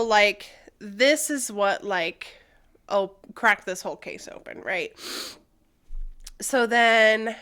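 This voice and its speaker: A woman's voice: medium pitch, fairly bright tone, smooth. A young woman co-hosting a podcast, candidly telling a personal story, swearing freely and using many fillers. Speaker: podcast co-host.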